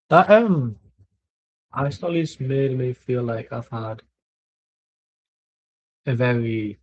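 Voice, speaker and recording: Guy for a match watchalong, mellow husky voice, rambling, blunt, sweary. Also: medium pitch, poor audio. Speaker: watchalong streamer. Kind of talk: casual live match commentary. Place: at home.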